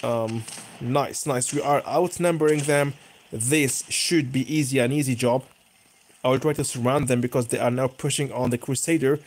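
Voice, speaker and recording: A young gaming YouTuber commentates live on his own tank gameplay at a moderate pace and medium pitch. He's excitable, breaking into bursts of cheering and groaning as the match unfolds.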